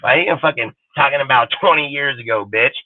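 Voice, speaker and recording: A man hosting a sports talk show in a casual, animated, rambling rant full of swearing. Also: medium pitch, a little fast, no echo. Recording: tinny phone-like line, dry.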